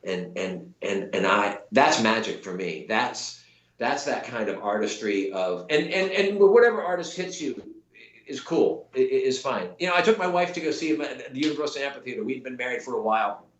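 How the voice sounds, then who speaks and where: A man's voice: medium pitch, lively intonation, normal speed. A middle-aged man, an actor guest, telling a long story in casual chat with many restarts and quoted voices. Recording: roomy echo.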